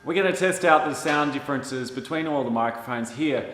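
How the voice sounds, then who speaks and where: A man's voice: a little high, brisk, over music. Upbeat man teaching filmmaking on lapel mic. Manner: upbeat, conversational and explanatory. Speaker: filmmaking tutor. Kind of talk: instructional video talk to camera.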